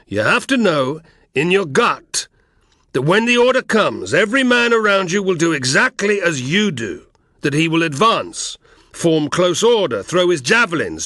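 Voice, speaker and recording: A man's voice: high voice, sharp tone, no echo, studio quality, voice pushed up, exaggerated voice. A man voicing a huge, fierce Thracian officer who roars orders at his troops during drill, in an audiobook reading. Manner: roaring, commanding.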